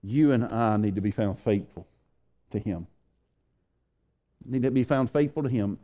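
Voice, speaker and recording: A man's voice: mid-range voice, measured pace, dull audio. A man preaching a sermon to his church, repeating phrases and building intensity. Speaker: pastor.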